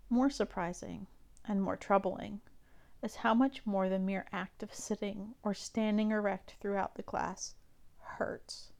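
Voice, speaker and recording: A woman reading a fan fiction story aloud in a soft, steady narrating voice. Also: medium pitch. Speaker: fanfiction reader. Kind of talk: scripted narration.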